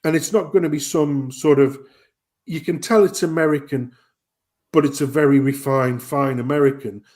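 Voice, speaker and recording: A man's voice: fairly high pitch, steady tone, normal speed, a little mellow. A man hosting a casual live chat, ranting and swearing. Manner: swearing, ranting, mimics voices. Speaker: host.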